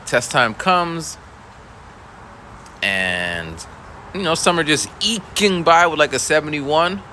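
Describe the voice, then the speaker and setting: A young man tells a rambling, laid-back teaching story with a bright, lively voice that rises and falls a lot. Faint traffic noise sits behind him. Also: medium pitch, poor audio. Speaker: schoolteacher. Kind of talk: casual storytelling vlog.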